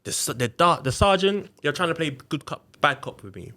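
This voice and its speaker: A man's voice: fairly high pitch, expressive, normal speed, sharp tone. A man tells a long story on a podcast. He talks in a casual, slangy way and leans into it. He jumps into the voices of everyone he quotes. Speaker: podcast guest.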